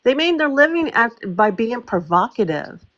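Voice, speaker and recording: A woman's voice: on the high side, very animated, moderate pace, fairly bright tone. Blunt, sarcastic woman on a lo-fi stream. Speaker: panelist. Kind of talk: heated panel debate on a live stream.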